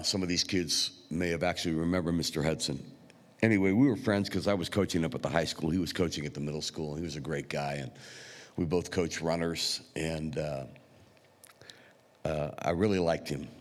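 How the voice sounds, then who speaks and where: Deep-voiced man preaching in a reverberant church. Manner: unhurried, conversational, with frequent pauses and fillers. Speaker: pastor. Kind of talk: sermon storytelling. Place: church sanctuary.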